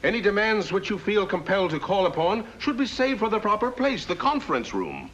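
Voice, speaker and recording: A polished old European baron. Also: male voice, high-pitched, very animated, brisk, a bit bright, full character voice. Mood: placating. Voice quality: polished, placating. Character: polished, smooth-mannered European baron, older man. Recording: dull, faintly noisy old TV sound.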